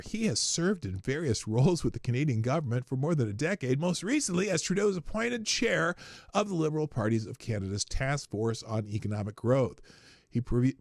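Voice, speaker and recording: On a livestream, a man with a Minnesota accent and a medium-pitched voice reads the news aloud, throwing in sarcastic asides and laughing at his own jokes. The recording is dry and studio quality.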